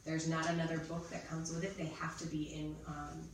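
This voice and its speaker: A woman's voice: deep voice, monotone, brisk. A woman in her thirties training teachers, chatty and explaining step by step as she models spelling drills. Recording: echoey room, mic far off, noisy.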